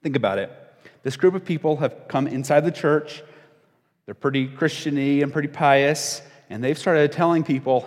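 A man's voice: on the high side, normal speed, long reverb tail. A young adult man preaching a sermon, talking conversationally, with fillers and restarts, and acting out voices of the people he quotes. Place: church.

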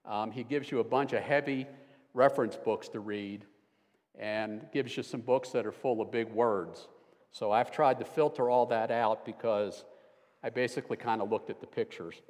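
A man's voice: mid-range voice, steady tone, normal speed, darkish tone. Older man preaching in a reverberant church. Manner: dry self-deprecating humor, conversational. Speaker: guest preacher. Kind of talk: sermon. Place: church sanctuary. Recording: long hall reverb.

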